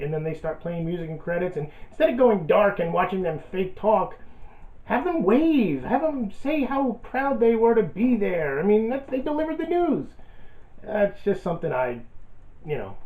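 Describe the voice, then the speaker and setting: A man delivering a sarcastic, self-deprecating comedic rant as a vlogger. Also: high-pitched. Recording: echoey, tinny phone-like audio.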